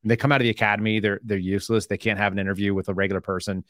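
A man speaking as a podcast guest, an animated storyteller who acts out quoted exchanges in casual conversation. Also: fairly low pitch, very fast, no room sound, clean studio sound. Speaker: podcast guest, former FBI agent.

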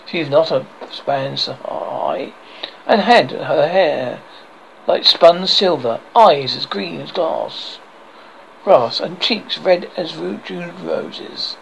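Man with a gravelly voice reading a fairy tale. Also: on the high side, slow, a little hiss or hum, low-quality recording. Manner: expressive, stumbling over words. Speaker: horror host. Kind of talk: storybook reading.

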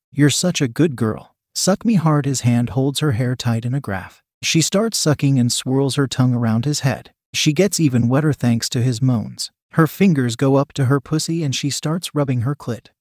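A man reading a story aloud, in a steady, even narration. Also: medium pitch, dry recording, studio quality. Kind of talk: scripted narration.

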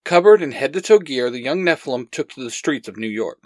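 A man's voice: medium pitch, animated, a little fast, a little mellow, no echo. A man reading his own fan story aloud, acting out the dialogue earnestly as storyteller.

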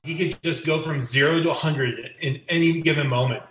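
A man's voice: a little high, a little fast, fairly bright tone, a little hiss or hum. A man reminiscing about his college days, reflective and amused. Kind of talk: reflective storytelling. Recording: echoey room.

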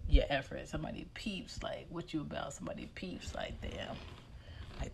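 A woman talks straight at the listener in a casual vlog rant. She is blunt and emphatic, and she lectures in a gravelly, creaky voice. A faint hiss sits under her words. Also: very deep voice. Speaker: vlogger. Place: hallway of her home.

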